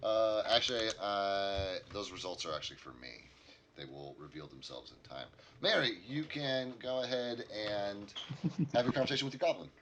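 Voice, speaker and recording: A man's voice: fairly low pitch, expressive, moderate pace, fairly bright tone, slight background noise. A man narrating as dungeon master, describing scenes in a loose, rambling way with many fillers. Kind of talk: narrating a tabletop game.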